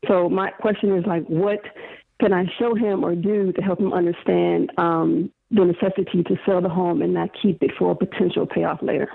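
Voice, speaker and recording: A woman calls in to a radio advice show, laying out her family's situation with frequent hesitations. Her voice carries some vocal fry. It comes through a tinny, phone-like line. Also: lowish voice, level tone, normal speed. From Detroit area. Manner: hesitant, lots of ums. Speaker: caller. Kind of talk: phone-in question.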